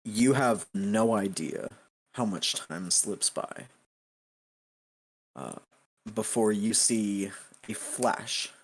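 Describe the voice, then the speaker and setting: Slow, low-voiced man running a game. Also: breathy edge. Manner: slow, halting narration with many fillers. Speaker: game master. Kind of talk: narrating a tabletop game.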